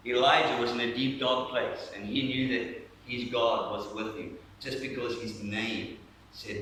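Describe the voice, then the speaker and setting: Male pastor, animated storytelling preacher, bright and forceful, heavy church echo. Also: medium pitch, moderate pace. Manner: animated storytelling preacher, acting out scenes, dropping to a hush for emphasis. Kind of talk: sermon. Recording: echoey church from far off with faint noise.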